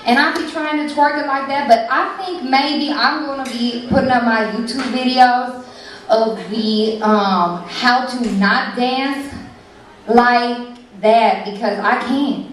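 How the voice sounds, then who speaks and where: A woman's voice: on the high side, slow, slight background noise. A woman voicing a brash, sassy character who brags about her backside, in a slangy, boastful manner. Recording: echoey club from far off. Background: audience laughter.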